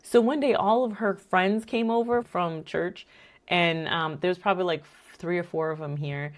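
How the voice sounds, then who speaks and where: A woman from Rico, hosting and telling a faith-based family story in a lively, laughing way. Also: fairly low pitch, a little slow. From Puerto Rico. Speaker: podcast host.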